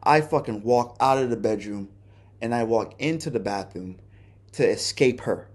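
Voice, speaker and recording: A man's voice: mid-range voice, moderate pace. Profane, candid man telling a story. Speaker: podcast host. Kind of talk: casual personal storytelling.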